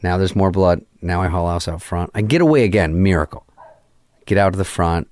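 A man's voice: low-pitched, a little fast. A man, a film director on as a guest, telling a long story in a casual interview, swearing a lot and acting out the lines of the people in it. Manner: animated, profane, acts out quoted dialogue.

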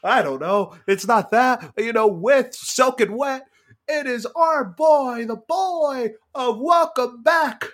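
A booming male ring announcer, put on by a podcast co-host. He stretches every word out slowly and loudly, in a pitch pushed well above a normal speaking voice. It is pure arena hype, delivered at full volume. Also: expressive, heavily acted. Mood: hyped. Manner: drawn-out, loud hype-man delivery.

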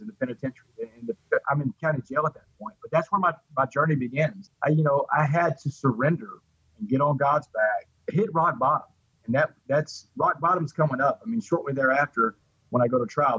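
Fast-talking husky man, earnest. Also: on the high side, a bit bright, dry recording, highs cut off. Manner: heartfelt, repeats words, addresses the host by name. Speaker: guest telling his recovery story. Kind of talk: earnest interview storytelling.

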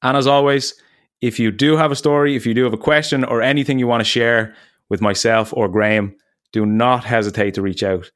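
A man's voice: mid-range voice, fairly even intonation, a little fast, fairly bright tone, no room sound, studio quality. A man hosting a podcast, wrapping up in a friendly, chatty way and laughing often. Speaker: podcast host. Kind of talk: casual podcast outro.

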